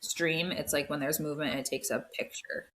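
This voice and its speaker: A young woman, a podcast co-host, chatting casually and telling an eerie story in an animated way, peppered with "like". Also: low voice, normal speed. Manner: animated storytelling, acts out quoted voices, frequent "like".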